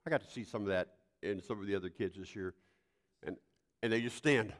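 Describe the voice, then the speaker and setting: An older man preaching a sermon, folksy and animated, telling homespun stories and sometimes breaking into loud outbursts. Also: fairly low pitch, brisk. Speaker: pastor.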